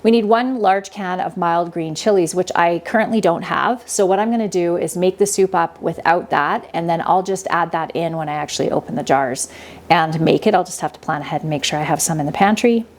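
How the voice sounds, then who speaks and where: A woman's voice: on the low side, brisk. Chatty woman hosting a kitchen vlog. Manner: chatty, laughs easily. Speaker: homesteading channel host. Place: home kitchen. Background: faint compressor and power tools.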